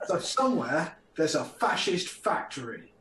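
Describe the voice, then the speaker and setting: An easygoing, chuckling man playing in a tabletop game. His voice sits a little high and rings in a roomy space with faint noise behind. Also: sing-song, measured pace, fairly bright tone. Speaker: player. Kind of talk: casual play chat.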